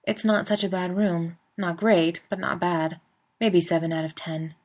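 A woman's voice: fairly low pitch, little pitch movement, measured pace, darkish tone. A woman narrating a fan fiction story in a wry, conversational way. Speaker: reader. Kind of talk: fan fiction audiobook reading.

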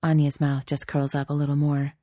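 Low mellow-voiced woman reading a story aloud, steady and soft, dry sound. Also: a little fast, no echo. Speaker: narrator. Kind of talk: audiobook narration.

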